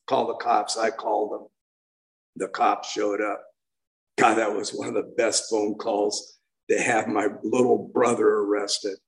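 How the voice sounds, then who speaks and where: An older man in his sixties tells his recovery story to a meeting, heartfelt and meandering. His voice is gravelly, with a middling pitch, and he keeps restarting his sentences. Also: poor audio. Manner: heartfelt, rambling, with many restarts. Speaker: main speaker at a recovery meeting. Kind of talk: personal recovery share.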